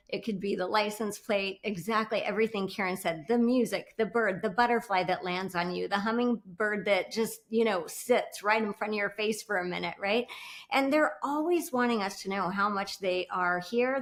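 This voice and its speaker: A woman guest speaker sharing a personal story on an online panel, heartfelt and flowing. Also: mid-range voice. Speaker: guest speaker on spirit signs. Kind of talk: earnest sharing in a panel talk. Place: online summit panel, video call.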